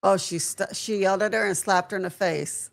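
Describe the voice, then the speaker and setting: Excitable woman with a gravelly edge. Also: mid-range voice, brisk. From California. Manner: animated, exclaims and laughs at the action. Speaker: co-host of a wrestling watch-along. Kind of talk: casual live-stream chat.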